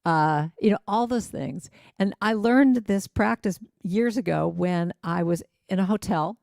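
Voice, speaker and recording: A middle-aged woman speaking to a spiritual congregation in a relaxed, conversational way. She is lively and keeps slipping into sung lines and acted-out quotes. Her voice sits at an ordinary pitch, and the sound is dry and close. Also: a little slow, creaky, no room sound. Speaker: guest musician and speaker. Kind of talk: casual spiritual talk.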